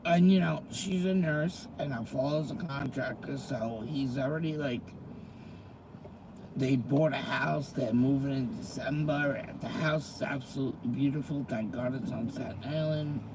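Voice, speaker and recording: With a deep bass voice and a moderate pace, a middle-aged woman chats casually to her viewers as a vlogger, with background noise present. She is tearful and rambling, emotionally responding to commenters.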